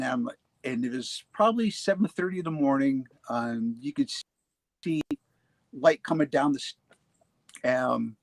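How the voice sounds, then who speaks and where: A man in his forties casually telling his own ghost encounters, halting and restarting often, laughing easily. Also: on the high side, vocal fry, a bit bright, no room sound. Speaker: paranormal show guest telling his experiences. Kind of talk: casual storytelling.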